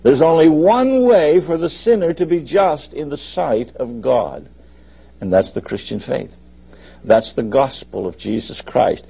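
Lively, husky man preaching a sermon. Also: on the high side, unhurried. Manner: folksy, emphatic preaching with lively rises and drops. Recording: dull, muffled lo-fi recording.

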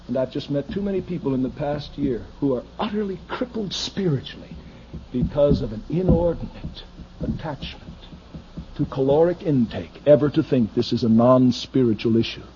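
Pastor guy preaching hard in church, goes quiet then yells, muffled old tape with a little hiss. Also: medium pitch, normal speed. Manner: swings from hushed asides to shouted pleas. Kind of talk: fiery sermon. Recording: dull lo-fi archival recording with faint noise.

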